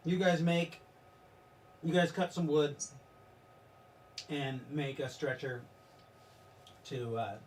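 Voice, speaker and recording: A man running a tabletop game as game master, talking in a rambling, halting way and laughing at his own jokes. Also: on the high side, a little mellow, distant mic, slight background noise.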